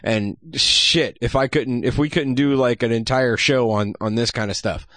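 Male host, casual chatter, swears freely, mid pitch, dry close sound. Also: moderate pace, a bit bright, no echo. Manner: rambling, swears casually, many restarts. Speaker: podcast host. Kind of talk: casual chat.

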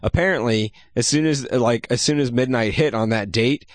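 A man's voice: mid-range voice, normal speed, dry recording. Rambling casual male podcast host. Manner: rambling, swears casually, many restarts. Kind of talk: casual chat.

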